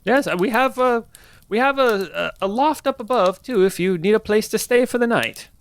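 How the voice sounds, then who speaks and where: A man voicing a kindly old woman who keeps a tavern, in a high old-lady voice. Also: moderate pace, clear, resonant tone. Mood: welcoming.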